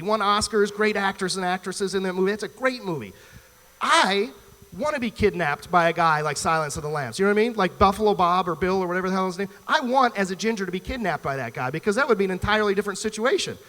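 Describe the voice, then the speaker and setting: A male stand-up comedian from the US Midwest, talking in an animated, rambling way on stage at a live venue. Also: sits high, fast talker, in a large hall. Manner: animated, chatty, rambling asides.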